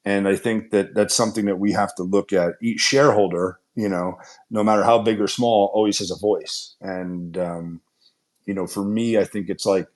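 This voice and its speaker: A man's voice: on the low side, steady tone, moderate pace, a little mellow. A man, a company executive, hosting a casual shareholder Q&A and talking in earnest, upbeat run-on sentences with frequent restarts. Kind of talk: casual conference-call Q&A.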